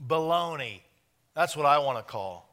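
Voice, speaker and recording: A man preaching a sermon in a folksy, joking way, building up to loud, animated emphasis. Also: a little high, normal speed.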